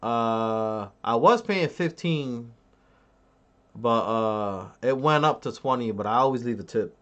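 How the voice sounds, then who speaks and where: A man's voice: mid-range voice, expressive, takes it slowly, fairly bright tone, lo-fi sound. A man on a live stream, reading his chat aloud and bragging in a crude, joking way.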